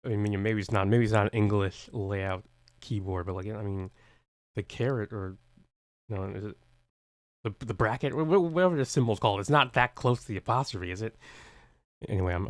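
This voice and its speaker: A man's voice: lowish voice, normal speed, pauses often, no room sound. A man hosting a reaction video, talking casually in a rambling, hesitant way with many restarts.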